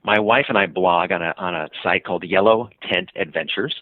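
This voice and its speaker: A man telling a travel story on a podcast, an animated storyteller who uses many fillers, heard over a tinny phone line. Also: deep voice, a little fast, no echo. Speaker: guest, traveler and author.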